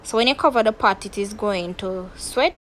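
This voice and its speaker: Jamaican woman, cooking channel host, casual step-by-step talk, mid-pitched, home kitchen. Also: normal speed, a bit bright, poor audio. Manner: chatty step-by-step explaining to viewers.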